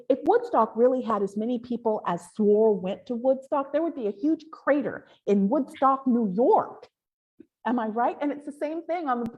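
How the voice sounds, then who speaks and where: A woman's voice: medium pitch, a little mellow. A middle-aged woman hosting a live question-and-answer talk, speaking with emphatic passion and rhetorical questions. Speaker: host. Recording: dull lo-fi stream audio.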